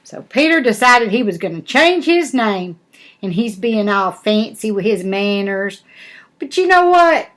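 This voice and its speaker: Slow-talking grandmother reading aloud. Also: medium pitch, sing-song. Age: older. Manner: slow, gentle, chatty with asides and little laughs. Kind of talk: storybook read-aloud to children.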